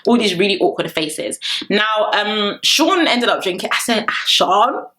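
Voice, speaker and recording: A woman's voice: medium pitch, moderate pace, slight background noise. Chatty young woman reviewing TV. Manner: animated and chatty, often laughing. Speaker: reality TV reviewer. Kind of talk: casual commentary.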